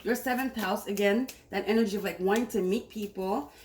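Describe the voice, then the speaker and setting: A woman's voice: medium pitch, brisk, a little mellow. Upbeat woman reading tarot in echoey room. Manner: upbeat, enthusiastic, repeats herself. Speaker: tarot reader. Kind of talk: casual tarot reading to camera. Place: home room, cooking on stove nearby. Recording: echoey room with faint noise.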